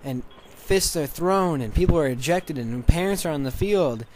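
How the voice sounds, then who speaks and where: A man telling a story in a casual, excited, rambling way over gameplay, restarting his sentences often. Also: on the high side, normal speed, noisy background. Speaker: gaming channel commentator.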